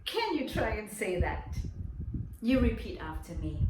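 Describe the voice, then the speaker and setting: A woman teaching a drama lesson to young children online, speaking in a slow, clear and encouraging way. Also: medium pitch, sing-song. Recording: echoey room, mic at a distance, noisy.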